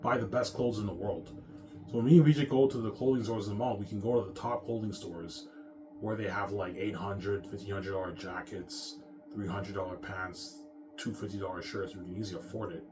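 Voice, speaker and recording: Low-voiced man rambling over music. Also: steady tone, fairly quick. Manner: repetitive, profane, boastful. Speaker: vlogger. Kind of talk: rambling monologue.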